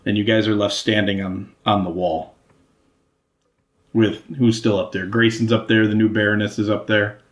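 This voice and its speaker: A man narrating a tabletop role-playing game as game master, telling the story at a measured pace. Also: lowish voice, little pitch movement.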